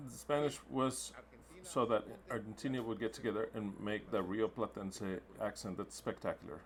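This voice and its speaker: A man's voice: fairly low pitch, fairly even intonation, moderate pace. A man interpreting a sermon into English live, emphatic and repetitive, with blunt wording.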